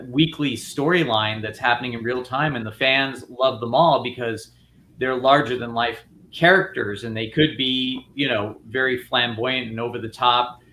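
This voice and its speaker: A man talks through his ideas in long, loose sentences, circling back and restarting as he goes. His voice is bright and forceful. A faint noise sits behind the recording. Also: medium pitch. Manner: rambling, many restarts and fillers. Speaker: filmmaker guest. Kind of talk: casual panel discussion.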